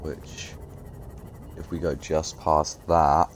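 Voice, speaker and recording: A man's voice: very deep voice, flat delivery, slow pace. A young man streaming a game, chatting casually and rambling with loose giggles. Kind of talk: casual gaming commentary.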